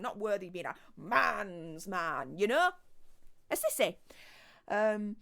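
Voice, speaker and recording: A woman's voice: mid-range voice, clean tone. A woman, hosting a true crime video in casual, emphatic explainer chat full of ums and restarts. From Yorkshire, England.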